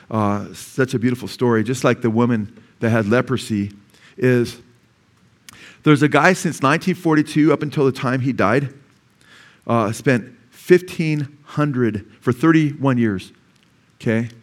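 A male pastor preaching a sermon in a church, telling stories with humor and swinging between loud and soft delivery. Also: medium pitch. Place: church sanctuary.

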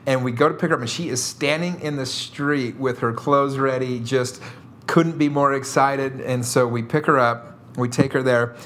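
Laughing man telling an animated story. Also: mid-range voice, moderate pace. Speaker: guest telling a mission story. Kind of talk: casual storytelling.

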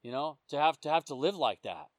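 High-voiced man preaching conversationally. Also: sing-song, a little fast, no room sound. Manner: conversational storytelling, often checking in with the listeners. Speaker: police officer sharing testimony. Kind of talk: informal sermon.

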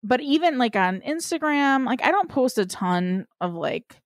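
A woman's voice: high-pitched, big pitch swings, moderate pace, no room sound, clean studio sound. A woman in casual chat, frank and swearing, with lots of "like" fillers.

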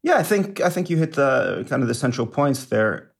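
A male journalist guest on a podcast, explaining at a measured pace. His voice is mid-pitched and he leans on the odd filler as he lays out his points. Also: sing-song, vocal fry, slightly rough. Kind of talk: explanatory interview answers.

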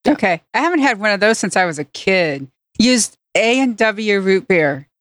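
A woman's voice: mid-range voice, very animated, normal speed, no room sound, clean studio sound. A woman co-hosting a podcast, wry and teasing in casual chat. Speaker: podcast co-host.

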